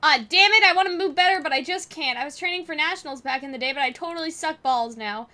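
A woman voicing a brash, rough-spoken teenage boy from a game. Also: high voice, quick pace, bright, forceful tone. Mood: frustrated.

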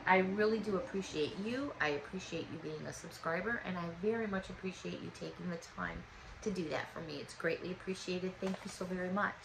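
A woman's voice: fairly low pitch, fairly quick, creaky, slight background noise, poor audio. A woman in her fifties chatting casually and gratefully as she opens fan mail. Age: 50s. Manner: warm, gushing, chatty and thankful. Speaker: vlogger opening fan mail. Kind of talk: casual chat.

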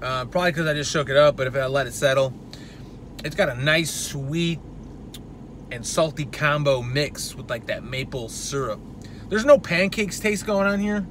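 A man's voice: on the high side, moderate pace, fairly bright tone, slight background noise. A man giving a casual, profane product review in a brash, loose way. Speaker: supplement reviewer.

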